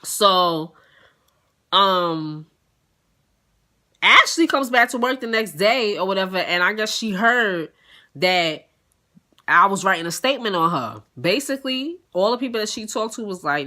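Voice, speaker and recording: Bright-voiced woman telling a profane story. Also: mid-range voice, unhurried, long pauses. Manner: animated, profane, acts out other people's lines. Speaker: storytelling vlogger. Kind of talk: casual storytime monologue.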